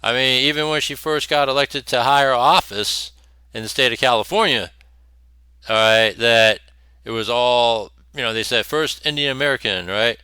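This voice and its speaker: A man's voice: mid-range voice, normal speed, bright, forceful tone, smooth, no echo. A man hosting a commentary show, talking bluntly and profanely with scornful laughs between points. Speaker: host. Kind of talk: opinionated commentary over clips.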